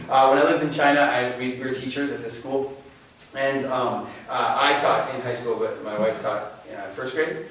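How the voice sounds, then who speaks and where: A man's voice: mid-range voice, moderate pace, a little hiss or hum. Joking man in an echoey room. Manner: animated, joking, restarts sentences often. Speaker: catechism class presenter. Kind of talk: informal faith talk to a class. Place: church meeting room. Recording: very echoey room, mic at a distance.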